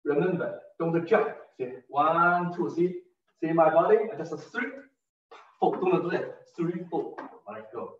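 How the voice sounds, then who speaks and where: Slow-counting tai chi teacher, man. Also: fairly high pitch, lively intonation. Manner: counts beats aloud, short broken phrases. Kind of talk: step-by-step movement instruction. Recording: distant roomy lo-fi recording.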